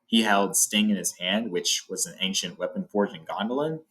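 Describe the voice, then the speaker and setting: A man's voice: low voice, normal speed, a bit bright. A man hosting a book channel, chatting casually and enthusiastically as he ranks legendary swords, rambling a little as he goes. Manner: enthusiastic, rambling, says awesome often. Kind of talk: casual ranking talk.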